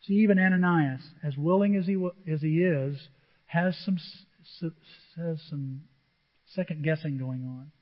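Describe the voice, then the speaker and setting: A man's voice: a little high, unhurried. A male pastor preaching a sermon with emphasis, often firing questions at the congregation. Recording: dull echoey church recording.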